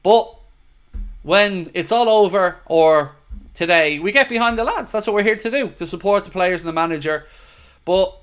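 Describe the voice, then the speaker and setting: A man's voice: sits high, normal speed, fairly bright tone, smooth, faint music behind. A man hosting a football fan livestream, chatting casually and answering viewers in an earnest, opinionated way. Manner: opinionated, earnest, talks straight to viewers with "mate". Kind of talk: casual livestream chat, reading viewer comments.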